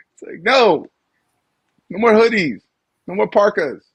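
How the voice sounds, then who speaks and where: A man's voice: high-pitched, sing-song, slow, vocal fry, husky. A man co-hosting a live podcast in casual chat, laughing often and acting out mocking voices. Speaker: podcast co-host.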